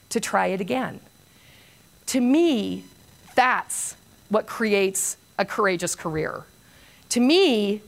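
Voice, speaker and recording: An older woman giving a motivational conference talk, telling a long anecdote with self-mocking humor and lively storytelling. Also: on the high side. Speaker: keynote speaker.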